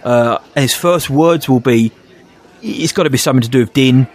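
Male co-host, casual rambling chat, mid voice, self-deprecating, quick to laugh. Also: mid-range voice. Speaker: podcast co-host.

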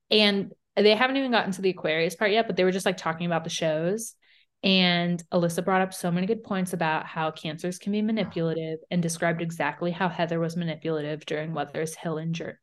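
A woman's voice: lowish voice, steady tone. A young woman co-hosting a podcast, chatting casually about reality TV in a blunt way, with frequent swearing. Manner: blunt, swearing, quick asides. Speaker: podcast co-host.

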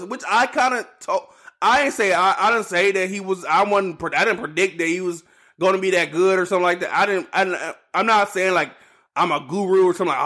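A man with a fairly high voice and hosts a casual solo sports podcast. He rambles, circles back, and repeats himself in loose, slangy, animated talk. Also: fairly quick. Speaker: podcast host.

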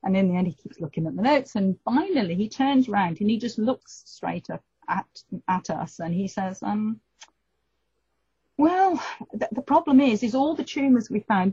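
A middle-aged woman, telling a personal story in an interview and lively acting out the voices of the people in it. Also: mid-range voice, breathy edge, no room sound. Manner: animated storyteller, acts out quoted voices. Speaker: guest telling her story. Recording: dull lo-fi recording.

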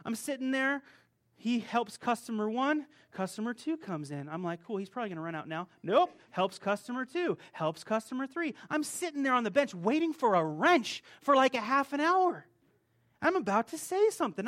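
A man's voice: extremely high pitch, normal speed. A man preaching a conversational sermon, telling a personal story and acting out the people in it. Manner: conversational, animated storytelling, acts out rude clerks. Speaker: pastor.

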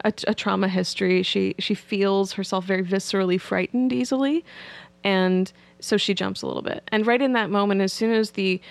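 A woman's voice: mid-range voice, creaky, dry recording. A woman psychotherapist, a podcast guest, candidly telling a story about her clients. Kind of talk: podcast interview.

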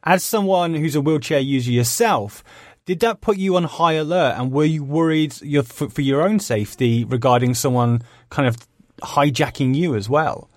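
A man's voice: a little high, normal speed, no room sound, studio quality. A man hosting a podcast, asking probing follow-up questions. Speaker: podcast host.

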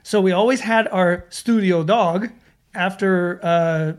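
Slow and high-voiced, this Swedish man co-hosts a podcast, reading out listener messages and chatting in a relaxed, joking manner.

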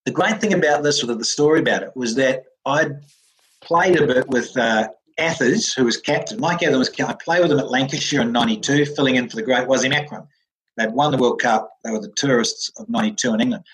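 A former cricketer from New Zealand with a New Zealand accent, telling animated stories as an interview guest, laughing often and acting out the voices of others. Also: male voice, mid-range voice, quick pace, rough recording. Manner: lively, laughs often, acts out quoted voices. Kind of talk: animated storytelling.

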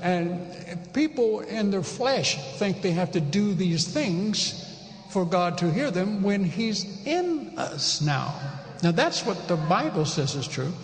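A man's voice: high-pitched, very animated, slow. A pastor giving a conversational sermon, emphatic and repeating his key phrases. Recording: echoey hall with long reverb.

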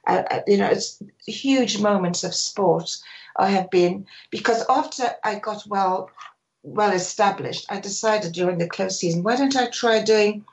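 Older woman telling lively stories. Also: mid-range voice, unhurried, slight background noise, rough recording. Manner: animated storyteller, acts out quotes. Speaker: guest, sports photographer. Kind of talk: telling stories in a radio interview.

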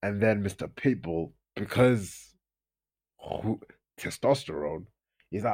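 Young man, casual storytelling, low-ish voice, animated impressions. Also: takes it slowly, pauses often, husky. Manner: animated, acts out friends' lines in raised voices. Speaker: podcast host.

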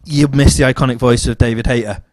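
A man's voice: mid-range voice, fairly even intonation, quick pace, a little mellow, dry recording. A man co-hosting a casual podcast, enthusiastic, swearing freely and repeating words. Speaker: podcast co-host. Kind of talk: casual chat.

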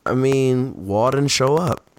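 A man chatting casually about sports as a podcast co-host, telling stories in an animated, slangy way. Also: medium pitch, takes it slowly, no room sound.

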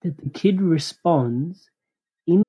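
A podcast host in a casual conversation, telling stories in an animated way with playful sound effects. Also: mid-range voice, takes it slowly, slightly rough, faint music behind. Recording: dull lo-fi recording.

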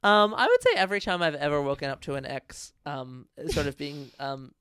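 A woman's voice: sits low, animated, a little fast, fairly bright tone, smooth, dry recording, clean studio sound. A woman in casual chat, riffing and giggling, trailing off with frequent ums.

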